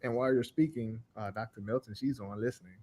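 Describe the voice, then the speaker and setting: A man's voice: mid-range voice, steady tone, quick pace, darkish tone. Man hosting an interview with brief affirmations. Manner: asks questions with hesitant restarts, brief affirmations. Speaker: interviewer, podcast host. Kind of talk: podcast interview.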